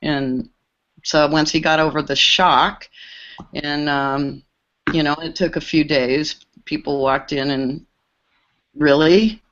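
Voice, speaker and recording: A woman with a fairly low voice tells studio stories in a casual, lively way. She acts out the quoted lines as she goes. The call audio sounds muffled and lo-fi. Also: takes it slowly. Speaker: recording engineer guest. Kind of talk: casual storytelling on a group call.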